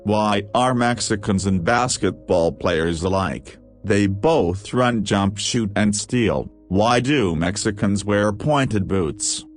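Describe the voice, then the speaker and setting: A man reading a list of jokes aloud, with a steady question-and-punchline delivery. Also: on the low side, slow, hardly any pauses, soft background music. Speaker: joke reader.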